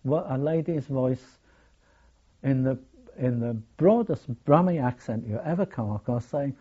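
An older man, recalling his wartime experiences in a hesitant, halting way full of restarts. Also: medium pitch, expressive, breathy edge. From England. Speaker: war veteran telling his story. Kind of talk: oral history recollection. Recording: dull lo-fi recording.

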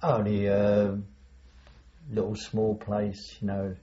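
Older male interviewee, hesitant storyteller, low warm voice on a dull recording. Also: monotone, slow. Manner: rambling, hesitant, chuckles while recalling. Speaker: veteran interviewee. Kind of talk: oral history interview.

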